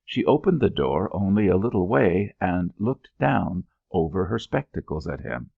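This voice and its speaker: A man narrating an audiobook in an expressive storytelling manner. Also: low voice, normal speed, creaky, husky, no echo, narrow, tinny audio. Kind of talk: scripted narration.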